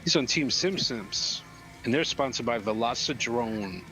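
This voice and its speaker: A man's voice: medium pitch, expressive, unhurried, over a noisy crowd. A man co-hosting a drone race stream, joking and reading out team standings. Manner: laid-back joking, reads out standings. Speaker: race co-host. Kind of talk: esports race commentary. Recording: faint music behind.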